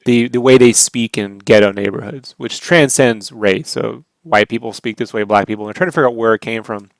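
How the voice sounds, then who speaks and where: Gravelly American man chatting. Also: on the low side, fairly quick, no echo. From United States. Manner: animated, laughs often, swears casually. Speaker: co-host. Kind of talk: casual chat while drawing.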